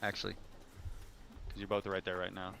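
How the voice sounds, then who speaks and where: Man, game master, tabletop game narration, casual, halting, lots of fillers. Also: deep voice, completely flat delivery, gravelly, bright, forceful tone, slight background noise.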